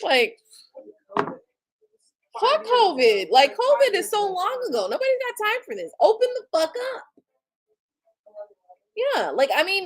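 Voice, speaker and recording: A woman's voice: sits high, rough recording. A woman in her forties, a tarot reader hosting her livestream, ranting casually in a blunt, profane way with features and sarcastic asides. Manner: blunt and profane, animated, with mocking quoted retorts.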